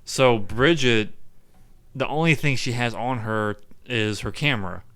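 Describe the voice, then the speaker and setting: A man co-hosting a podcast, retelling film scenes in a relaxed, casual way, tossing in quips and correcting himself. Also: mid-range voice, a little slow, smooth, no room sound. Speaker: podcast co-host. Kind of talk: casual film recap chat.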